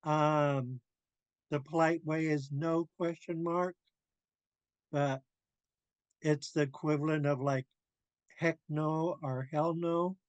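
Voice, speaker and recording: Man, language teacher, very slow careful drilling, fairly high voice, dry sound. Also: fairly even intonation, dry recording. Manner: slow, careful drilling of pronunciation with frequent laughs. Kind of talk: classroom language lesson. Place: classroom.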